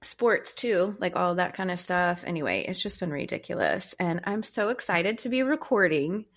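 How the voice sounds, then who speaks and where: A woman's voice: on the low side, lively intonation, normal speed. A young woman co-hosting a podcast, chatting casually, laughing often and telling stories. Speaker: podcast co-host. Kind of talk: casual chat.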